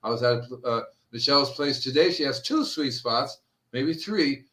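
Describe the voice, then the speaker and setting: A man hosting a gardening show, chatting casually and telling animated stories that he acts out. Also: mid-range voice, normal speed. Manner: animated storyteller, acts out quotes. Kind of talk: casual podcast chat.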